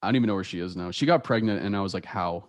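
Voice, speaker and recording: A man's voice: sits low, rapid-fire, noisy background. A young man hosting a podcast, chatting casually and telling stories with a lot of laughter. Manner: laughs often, storytelling with quoted voices. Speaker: podcast host. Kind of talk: casual chat.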